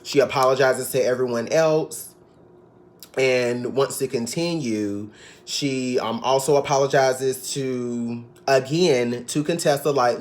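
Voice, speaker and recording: A man's voice: mid-range voice, slow pace. A man giving a casual, sassy recap of a reality TV episode, gossiping and now and then mimicking the cast. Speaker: TV recap vlogger.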